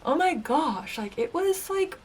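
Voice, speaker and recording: A woman's voice: sits high, very animated, unhurried. Chatty woman telling a story. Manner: chatty storytelling, lots of filler "like". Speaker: former game show contestant. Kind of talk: casual reaction vlog.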